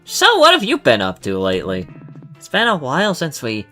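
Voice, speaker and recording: A man voicing a shy, insecure young healer who talks softly and hesitantly, with faint music behind. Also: fairly high pitch, huge pitch swings, normal speed, voice pushed up, heavily acted. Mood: anxious. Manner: soft, hesitant, self-doubting.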